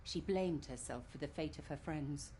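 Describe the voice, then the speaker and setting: A woman's voice: low voice, moderate pace, dark tone, lightly acted. A woman playing a solemn elf storyteller. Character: grave elf woman telling a sad tale.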